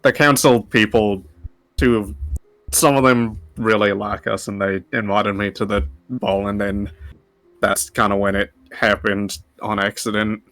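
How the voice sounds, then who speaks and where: Slow, low-voiced hesitant man. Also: little pitch movement, a bit bright, no room sound. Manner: hesitant, stop-start and laughing. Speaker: player in a tabletop game. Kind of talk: speaking in character in a tabletop game.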